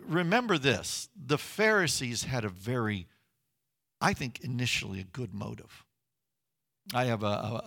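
A man's voice: medium pitch, bright, forceful tone. A middle-aged man preaching a sermon as pastor, earnest and conversational, with emphatic rises.

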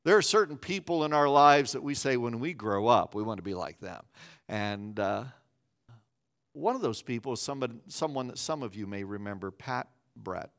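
A man's voice: mid-range voice, expressive, normal speed, fairly bright tone. A man preaching a sermon as a pastor, earnest, often repeating words as he builds his point.

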